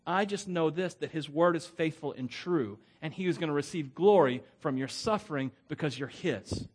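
A middle-aged pastor preaches in a loose, conversational way. His voice sits a little high for a man, and he often laughs at his own asides. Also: normal speed, breathy edge. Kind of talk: sermon.

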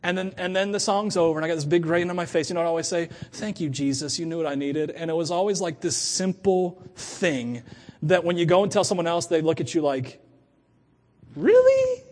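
Middle-aged man, pastor, conversational sermon, animated, laughs a lot, slightly high voice. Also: fast.

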